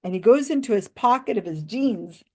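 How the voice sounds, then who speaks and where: A woman's voice: a little high, lively intonation, normal speed, mellow. Amused woman laughing through a story. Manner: amused, laughs often while retelling. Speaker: YouTube commentator; mentalist. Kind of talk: casual commentary monologue.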